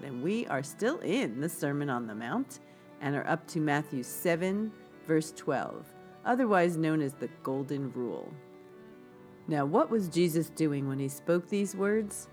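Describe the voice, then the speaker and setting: A woman hosting a devotional podcast, praying and reading scripture in an earnest, measured way. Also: low voice, darkish tone.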